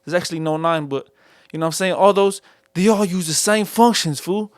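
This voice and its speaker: Young Chicano-accented podcast host, slangy and rambling, higher voice, dry close sound. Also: male voice, brisk, no room sound. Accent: Chicano English. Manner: slangy, says "fool" constantly, rambling. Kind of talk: casual solo podcast talk. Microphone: studio mic.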